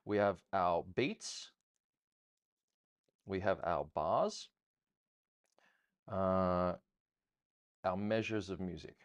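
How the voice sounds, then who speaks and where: A man teaching ballroom dance in a rambling, chatty Q&A style, often counting beats out loud. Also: low-pitched, lively intonation, very slow, pauses often, smooth, no room sound. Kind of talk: casual teaching Q&A.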